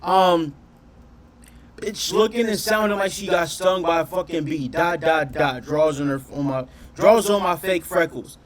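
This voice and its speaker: High-voiced man in profane reaction chatter. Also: measured pace. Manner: animated, profane, questioning the audience. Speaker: reaction streamer. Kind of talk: casual reaction commentary.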